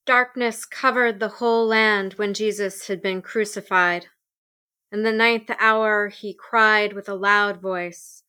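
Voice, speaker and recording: Slow, bright-voiced woman reading scripture. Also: mid-range voice, steady tone, clean tone. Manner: slow, measured, solemn. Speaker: liturgy reader.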